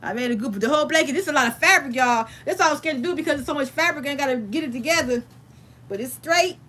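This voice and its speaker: A woman's voice: sits high, fast, fairly bright tone. A woman in her thirties, hosting a casual crafting livestream from home and chatting familiarly with her viewers.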